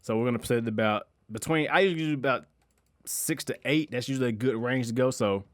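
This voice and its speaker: A man's voice: medium pitch, fast, noisy background. A young man giving a loose, conversational music production tutorial, full of slang and restarts. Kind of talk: casual screen-recorded tutorial.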